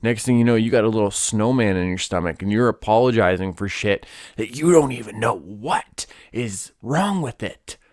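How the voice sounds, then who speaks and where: A man hosting a solo podcast, ranting in a casual, profane and animated way. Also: lowish voice, a little fast, hardly any pauses, dry recording, studio quality. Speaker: podcast host.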